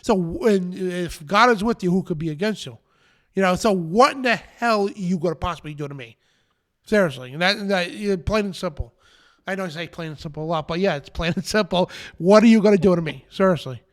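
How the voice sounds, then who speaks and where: A man's voice: high-pitched, fairly quick, fairly bright tone. A man hosting a live show, preaching in an emphatic, defiant rant and repeating his phrases. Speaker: show host.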